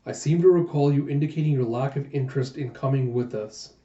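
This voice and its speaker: A man's voice: medium pitch, brisk, warm tone, reverberant, dull audio, close to an everyday voice. A man reading as a wry dragon warrior.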